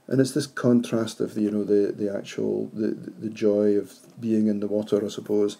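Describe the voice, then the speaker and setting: A male teacher works through a poem for his class. His voice is low and gravelly, with a dark, mellow tone and a husky edge. He pauses to ask his students reflective questions as he explains. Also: level tone. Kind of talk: classroom poetry analysis.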